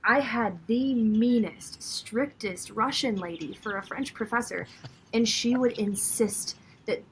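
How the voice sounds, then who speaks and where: A woman's voice: a little high, a little slow, slight background noise, low-quality recording. A young woman with a Minnesota accent, a guest on a podcast, talking in a thoughtful, chatty way. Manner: thoughtful, chatty, laughs often. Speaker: podcast guest, commentator and voice actor. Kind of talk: casual chat.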